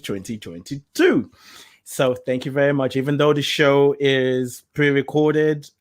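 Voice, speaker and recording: A man hosting his own podcast, speaking in an affirming, animated way, laughing often and dropping into soft asides. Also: mid-range voice. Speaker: podcast host. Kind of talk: solo podcast monologue.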